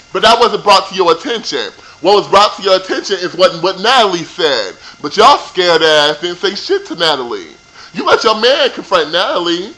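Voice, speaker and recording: A man's voice: on the high side, sing-song, normal speed, bright, forceful tone, poor audio. A young man ranting casually about a reality show reunion, sassy and profane. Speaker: vlogger reviewing a reality show. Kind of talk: casual rant.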